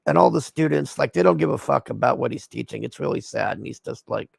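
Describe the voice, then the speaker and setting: A man's voice: a little high, fairly quick, vocal fry, no echo. A man giving a casual, profane movie recap on a livestream, blunt and exasperated. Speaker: streamer reviewing a movie.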